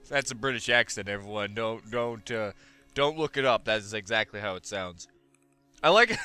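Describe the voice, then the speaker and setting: A man's voice: mid-range voice, very animated, normal speed, bright, forceful tone, clear, resonant tone, faint music behind. A young man doing goofy, exclamatory let's play commentary on a close mic. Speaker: gaming YouTuber.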